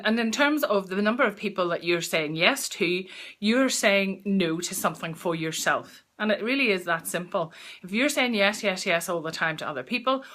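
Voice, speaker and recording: A woman's voice: fairly low pitch, sharp tone. A woman giving a live-streamed mindfulness talk, chatty and direct with viewers, often restarting her phrases. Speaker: mindfulness coach presenting a weekly talk.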